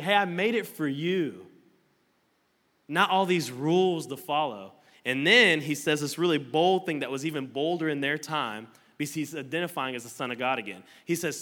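Pitched on the high side with a sharp tone, this man preaches a sermon as a pastor. He's playful and conversational, cracking jokes to the congregation in a church auditorium with slides, recorded with long hall reverb.

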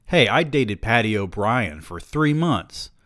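A man's voice: lowish voice, very animated, slow, fairly bright tone, no room sound, studio quality, pitched above the performer's own voice, heavily acted. A man voicing a cocky, druggy adult male friend who wisecracks in a smug tone. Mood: sardonic.

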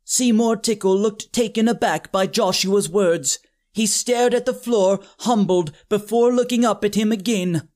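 A narrator reading a comic story in a dry, deadpan manner. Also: medium pitch, unhurried. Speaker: audiobook narrator.

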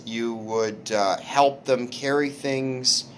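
A man hosting a casual podcast chat, telling stories haltingly with restarts and swearing. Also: mid-range voice, a bit bright, a little hiss or hum. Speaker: podcast host, comedian.

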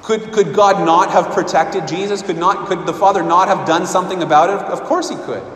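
A man's voice: high voice, steady tone, brisk, fairly bright tone, a little hiss or hum. A man preaching a sermon with earnest emphasis, often repeating and restarting words. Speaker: pastor. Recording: echoey hall with long reverb.

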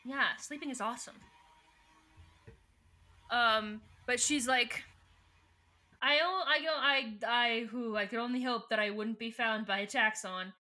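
Bright, giggly young woman podcaster. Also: a little high, measured pace, pauses often. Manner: giggly, reads quoted lines in a loose, storytelling way. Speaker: podcast co-host. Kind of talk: casual chat retelling a book.

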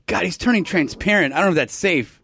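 A man's voice: high-pitched, fast talker, husky, no echo. A man co-hosting a podcast in a studio, giggling and calling the action as it happens. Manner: giggly, animated, play-by-play reactions. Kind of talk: excited studio banter.

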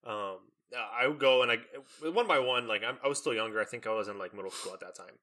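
A young man telling a long story in casual chat, animated and full of fillers, acting out the lines of the people in it. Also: lowish voice, quick pace. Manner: animated storytelling with many fillers and acted-out quotes.

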